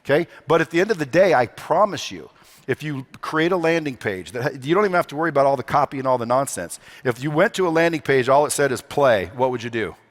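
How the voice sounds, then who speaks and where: A conference speaker, this man talks quickly in an expressive mid-range voice during an onstage motivational speech. He's brash and swears freely, peppering the live crowd with rhetorical questions.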